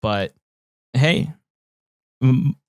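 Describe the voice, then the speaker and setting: A man co-hosting a podcast in casual chat, relaxed as he retells scenes. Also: medium pitch, drawn-out words, smooth, no echo, clean studio sound. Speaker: podcast co-host. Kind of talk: casual chat about a horror film.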